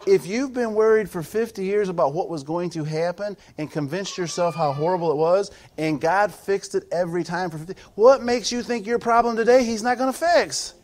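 High-pitched, animated preaching pastor man. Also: fairly quick, hardly any pauses. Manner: animated preaching, swings from soft asides to shouted peaks, frequent stammered restarts. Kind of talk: sermon.

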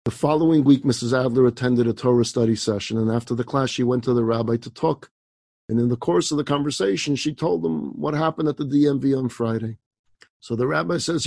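A man's voice: mid-range voice, brisk, creaky, darkish tone, husky, no room sound. A man, a rabbi, telling an inspirational story dramatically, with emphatic asides and rhetorical questions.

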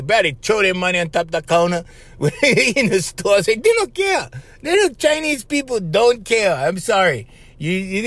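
Lively high-voiced man riffing. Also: dry recording. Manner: animated and conspiratorial, tags lines with "bro" and "right?". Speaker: podcast host. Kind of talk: casual rambling monologue.

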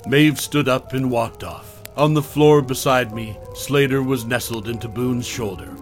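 A man narrating a first-person horror story in a hushed, measured way. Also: mid-range voice, music in the background.

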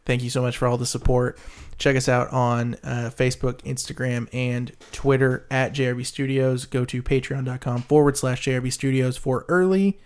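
A man hosting a casual podcast, talking in a relaxed way with many fillers. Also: medium pitch, normal speed, few pauses, clean tone. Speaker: podcast host. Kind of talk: casual chat.

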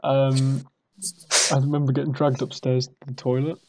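A man's voice: medium pitch, little pitch movement, fast, dark tone, a little hiss or hum. A young British man casually telling a rambling, self-mocking party story. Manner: rambling, self-mocking, acts out drunk quotes.

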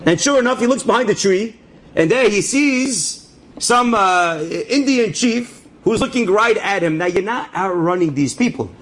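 A man preaching through a story, theatrical and prone to leaping into high excited shouts. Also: moderate pace. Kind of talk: animated storytelling sermon.

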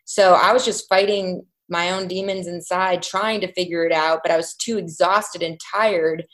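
A woman around thirty, telling her personal story as an interview guest in a candid, reflective way, halting at painful points. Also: lowish voice, fairly even intonation.

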